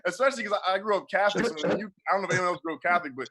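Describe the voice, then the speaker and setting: A man's voice: high voice, rapid-fire, crowd noise. A young man doing a loose, profane stand-up comedy set over a video call, laughing at his own jokes.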